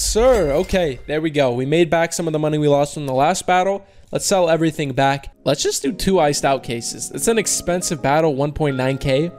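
A young man giving casual commentary on opening online cases, groaning at losses and cheering at wins, talking in slang to his viewers. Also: fairly high pitch. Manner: swings between groaning frustration and loud cheering. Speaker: case-opening video host. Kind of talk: excited gaming commentary.

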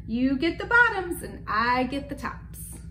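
A woman reading a storybook aloud and voicing a sly, cheerful male hare who sweet-talks his neighbor, sounding bright and pleased with himself. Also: high voice, sing-song, a little slow, slight background noise, exaggerated voice. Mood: calling cheerily. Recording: echoey room.

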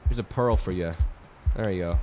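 A young man commenting on his own play of a hard game, mumbling one moment and shouting and swearing the next. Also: low voice, normal speed, dull audio, soft background music. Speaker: gaming streamer. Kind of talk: reactive gameplay commentary.

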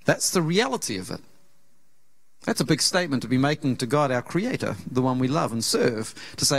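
A man with a New Zealand accent preaching a sermon in a church, telling a personal story with earnest, conversational warmth and acting out the voices in it. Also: mid-range voice, very animated, brisk, vocal fry, slightly rough. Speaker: pastor. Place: church auditorium.

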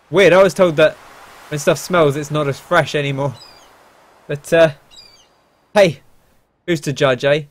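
A man's voice: on the high side, steady tone, a little slow, pauses often. A young man casually commenting on a video game as host, chatty with wry asides. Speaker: let's play host.

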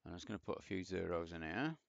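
Low, fast and creaky, the voice belongs to a programming teacher rambling through a casual screen-share coding tutorial and making self-deprecating jokes as he types. The dull, dry lo-fi mic picks up slight background noise.

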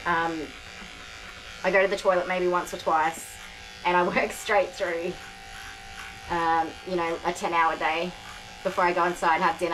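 A tired woman with a lowish voice, chatting as she grooms a dog and soothing it between asides. Electric clippers buzz clearly behind her, picked up by a camera on a tripod. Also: background noise. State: tired, sore back. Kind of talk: casual vlog while grooming. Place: grooming room.

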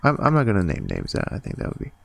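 A man's voice: lowish voice, wildly swooping pitch, fast talker, gravelly, no echo. A man hosting a casual gameplay commentary at his computer, reading chat messages aloud with playful joking asides. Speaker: gameplay host. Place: at a computer, typing on keyboard. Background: loud game music.

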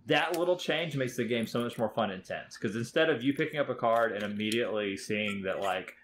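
A man's voice: medium pitch, lively intonation, a little fast, slight background noise. A man hosting a casual board game podcast, talking enthusiastically and rambling with many fillers. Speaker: podcast host.

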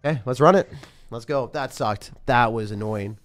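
A young man giving live commentary as he plays a mobile game, thinking aloud and breaking into sudden excited yelps. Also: medium pitch, normal speed, soft background music. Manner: excitable, talks to himself while playing, sudden yelps. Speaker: game streamer.

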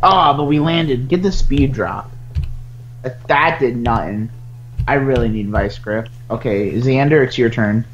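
A man's voice: mid-range voice, measured pace, highs cut off. A man chatting casually while playing a video game, playful and teasing, muttering and humming along as he plays. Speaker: gaming streamer.

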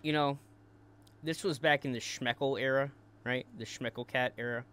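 A man's voice: mid-range voice, fairly even intonation, normal speed, a bit bright, smooth. Crude, taunting male commentary host. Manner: taunting, crude, repeats words in bursts. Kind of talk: mocking commentary.

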